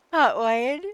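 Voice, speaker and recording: High-voiced woman, giggly game streamer. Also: dry recording. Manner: laughs often, incredulous exclamations. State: laughing to tears. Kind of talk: casual live-stream chat while playing.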